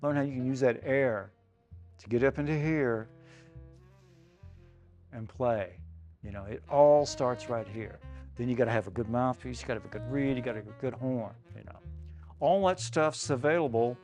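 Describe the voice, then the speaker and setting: A man's voice: medium pitch, moderate pace, long pauses, darkish tone, faint music behind. An older man giving a saxophone workshop, talking loosely and conversationally, with many "you know"s and "man"s. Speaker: saxophone clinician. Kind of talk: casual spoken workshop talk. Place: music shop event space.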